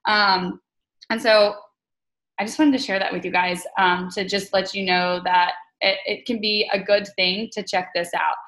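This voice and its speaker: A woman's voice: mid-range voice, fairly even intonation, normal speed, a bit bright, poor audio. A young adult woman leading a team call, telling a candid personal story in a casual, chatty way with many fillers and restarts. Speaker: team leader on a group call.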